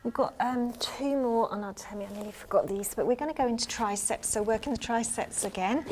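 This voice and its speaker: A woman with a mellow, softly rounded voice leads an online Pilates session, calling out breaths and counting down reps. She moves along with the class and sounds a little winded. Her cues stay calm and steady, sometimes dropping to a breathy near-whisper. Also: on the high side, a little fast, slight background noise. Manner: calm cueing, counting reps, breathy asides while exercising. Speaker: Pilates instructor. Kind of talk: online exercise class instruction. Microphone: worn mic.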